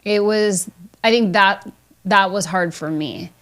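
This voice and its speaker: A woman's voice: medium pitch, unhurried. A woman hosting a podcast, retelling events in casual chat and acting out what others said. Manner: animated retelling, quotes others in voices. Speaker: podcast host.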